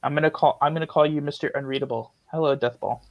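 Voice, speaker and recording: A man's voice: on the high side, fairly even intonation, fast, no echo, lo-fi sound. A man hosting a casual live-stream Q&A, joking and often stumbling and repeating words as he talks. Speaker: host of lucid dreaming Q&A stream.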